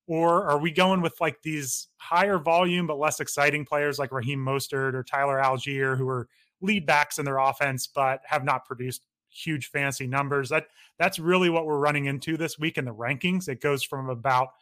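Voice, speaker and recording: Male podcast co-host, bright slightly high voice, dry close mic, quick casual analysis. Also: fairly even intonation, no echo. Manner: quick, conversational analysis with frequent restarts. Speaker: fantasy football podcast co-host.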